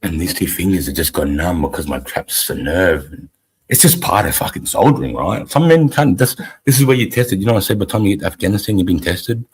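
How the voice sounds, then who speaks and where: A middle-aged Australian man with an extremely low voice and a heavily husky, raspy tone. He tells an army story bluntly and swears freely, like a veteran hosting a casual live chat. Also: fast, rough recording. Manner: profane, blunt war-story telling.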